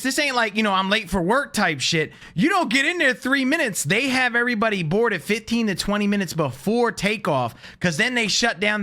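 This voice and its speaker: High, bright-voiced man reacting bluntly. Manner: blunt, slangy, exasperated. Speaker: reaction video host. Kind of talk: casual commentary to chat.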